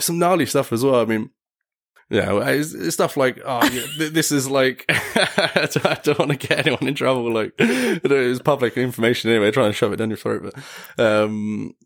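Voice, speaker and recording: A man's voice: medium pitch, fairly quick, gravelly. A young man chatting casually as a podcast guest, telling rambling stories with frequent laughs and lots of "like". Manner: rambling, laughs often, heavy use of "like". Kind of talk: casual storytelling chat.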